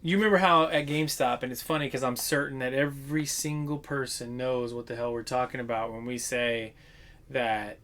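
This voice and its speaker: A man's voice: medium pitch, fairly quick. A man, telling work stories in casual chat and acting out the people in them. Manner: animated storytelling with swearing and acted-out quotes. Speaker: podcast co-host.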